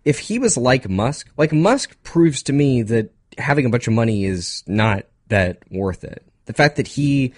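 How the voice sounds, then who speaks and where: A young man co-hosting a casual podcast, rambling through topics with quick asides, laughs and a slightly nasal voice. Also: mid-range voice, animated, dry recording, clean studio sound. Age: young adult. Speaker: podcast co-host. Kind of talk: casual chat.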